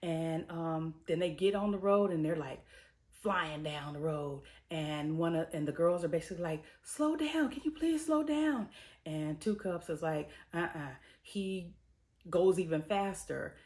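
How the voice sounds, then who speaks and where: Here a woman TV host and reviewer narrates an episode recap in a relaxed, slang-filled way, jumping into the characters' voices to act out their lines. She speaks low-pitched and at a measured pace, keeping the storytelling lively.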